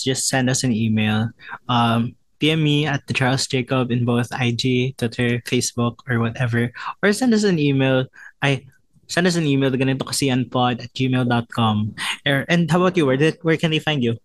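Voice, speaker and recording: A man's voice: mid-range voice, moderate pace, dry recording. A young man hosting a casual podcast chat, mixing in Tagalog and laughing often. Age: young adult. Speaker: podcast host.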